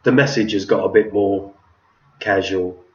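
A man's voice: low-pitched, unhurried, a little mellow. Laid-back guy, roomy and distant. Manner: laughing, swearing, chatty storyteller. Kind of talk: casual chat. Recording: roomy, distant, dull sound.

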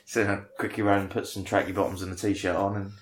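Low-voiced man telling a story. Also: little pitch movement, quick pace. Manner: rambling, self-mocking, swears casually. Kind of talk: casual anecdote among friends. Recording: echoey room.

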